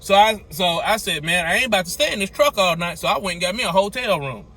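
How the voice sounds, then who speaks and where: A man, a truck driver telling a story in a lively, repetitive way with folksy slang. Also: high voice, fast talker. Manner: animated, repeats phrases, folksy slang. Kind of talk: storytelling to camera.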